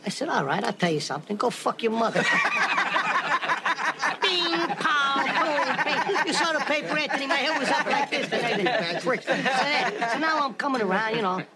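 An actor playing a volatile, short-tempered mobster who talks in a brash, profane way. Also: male voice, very high voice. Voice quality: brash, profane, menacing mock-offense. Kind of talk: film dialogue. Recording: noisy film audio.

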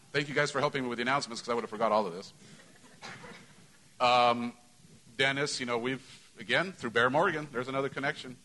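A man's voice: medium pitch, pushed and bright, a little hiss or hum, rough recording. A middle-aged man, a pastor, giving church announcements to his congregation in a conversational way, full of "you know" fillers. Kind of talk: church announcements and sermon opening. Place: church sanctuary.

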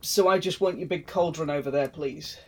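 A woman's voice: deep voice, a little fast, a little mellow. A woman voicing a mighty male god who answers drily and offhandedly. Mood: offhand. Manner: dry, offhand.

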